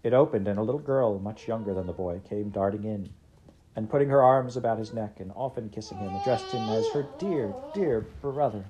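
A woman reading a classic story aloud, steady and expressive. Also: a bass voice, brisk, background noise. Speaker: audiobook reader. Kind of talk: scripted narration.

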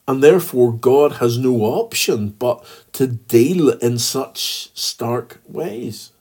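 A man's voice: mid-range voice, slow pace, darkish tone, slightly rough. A man with a Northern Irish accent giving a daily devotional as a pastor, earnest and reading scripture aloud. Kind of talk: daily devotional podcast talk.

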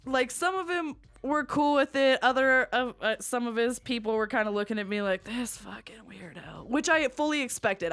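A young woman hosts a casual podcast chat. She tells her story in a quick, animated, profanity-laced rush, at a middle pitch for a woman. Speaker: podcast host.

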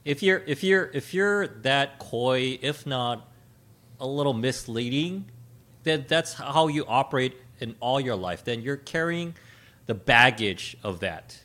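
Animated man telling a story, casual chat. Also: mid-range voice, measured pace. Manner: storytelling, animated, laughs at own jokes. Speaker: podcast co-host.

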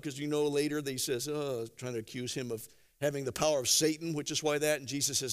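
A man preaching a sermon, telling stories conversationally with gentle humor and acting out quotes. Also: on the high side, brisk. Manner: animated storytelling with acted-out quotes. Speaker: pastor.

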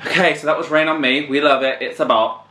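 Excitable man reacting over loud music. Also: fairly high pitch, fast. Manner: excitable, swears, sings along. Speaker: music reaction channel host. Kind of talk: casual album reaction. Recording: echoey room with loud music behind. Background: music playing.

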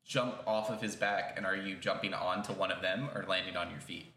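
A man's voice: low voice, steady tone, brisk, reverberant. A man running a tabletop game as game master, narrating casually and swearing now and then. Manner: casual, swears, puts on shouted voices for characters.

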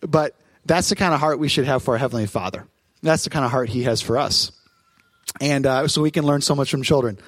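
A man, a pastor in his thirties, preaching a sermon on stage in church, telling family stories in a lively, animated way. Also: medium pitch, dry recording. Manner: warm storytelling, lively, quick asides.

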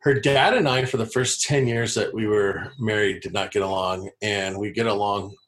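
A man in his forties speaks a bit low, chatting casually as a podcast guest. He is blunt and rambles as he tells his stories. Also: steady tone, normal speed, fairly bright tone. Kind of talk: casual storytelling chat.

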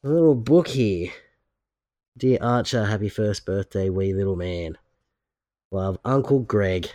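A man's voice: on the low side, animated, unhurried, warm tone, no echo, studio quality. A man, hosting a podcast in casual, joking chat full of fillers. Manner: joking, rambling, many fillers. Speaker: podcast host.

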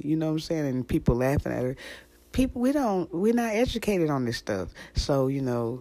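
A woman hosting a casual podcast chat, animated and slangy, laughing often. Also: rumbling low, dry recording. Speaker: podcast host and musician.

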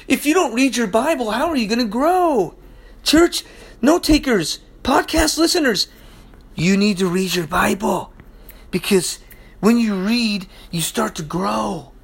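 A man's voice: sits high, breathy edge. A pastor preaching a sermon to his church, talking emphatically and casually with slang asides.

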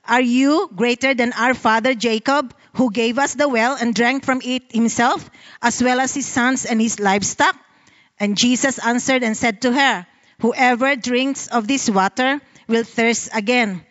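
A woman with a Filipino accent reads scripture aloud and then explains it in an earnest sermon. Her voice sits a little high. The recording is muffled and carries a long reverb tail. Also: steady tone, a little slow, fairly bright tone. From Philippines. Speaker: Bible study speaker. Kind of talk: sermon with Bible reading.

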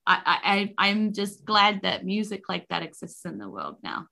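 A woman's voice: mid-range voice, sing-song, normal speed, creaky, sharp tone, heavily acted. A woman voicing an effusive female circus ringmaster who gushes in a raised voice. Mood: gushing.

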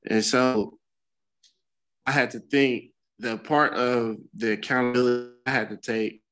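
A man's voice: mid-range voice, fairly even intonation, unhurried, a bit bright, rough recording. A middle-aged man, a podcast co-host, talking candidly in casual chat and swearing freely as he tells a story. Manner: candid, profane storytelling with bursts of laughter.

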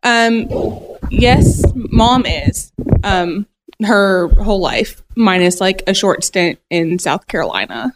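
A woman from Buffalo, New York, answers questions on a casual podcast. She talks slowly and softly at a middle pitch, pausing often to search for words. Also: expressive, heavy background noise. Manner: hesitant, many ums, soft-spoken. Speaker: podcast guest. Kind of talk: casual interview chat.

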